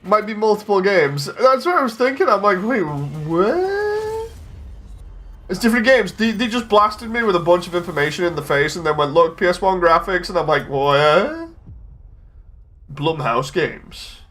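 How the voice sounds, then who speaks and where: A man streaming his reactions to a game showcase, rambling and joking in casual commentary. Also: high-pitched. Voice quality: excitable, rambling, quick to joke.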